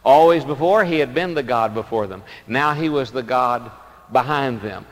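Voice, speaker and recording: A male pastor preaching a sermon, telling stories dramatically and swinging between loud emphasis and soft asides. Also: mid-range voice, moderate pace, big-room sound.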